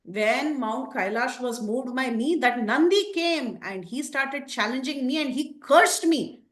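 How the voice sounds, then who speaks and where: A woman's voice: high voice, animated, measured pace, voice pushed up. Woman as a boastful, furious demon king, voice pushed up, roomy echo. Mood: raging. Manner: accusing, proud boasts. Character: raging male demon king, proud and boastful. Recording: echoey room.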